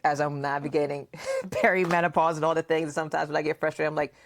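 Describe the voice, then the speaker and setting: A woman hosting a casual podcast chat, asking questions and acting out remembered dialogue in a playful, animated way. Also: deep voice, fast, slight background noise. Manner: frequent laughter and questioning. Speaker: podcast host and mother.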